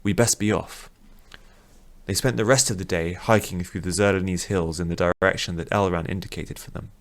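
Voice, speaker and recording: A man narrating a fantasy audiobook in a steady, measured reading. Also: deep voice.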